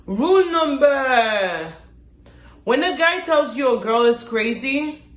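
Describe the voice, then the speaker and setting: A woman's voice: high voice, expressive, slow pace. Woman, teasing interjections, casual chat, echoey room. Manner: teasing interjections, mixes Creole and English. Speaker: co-host.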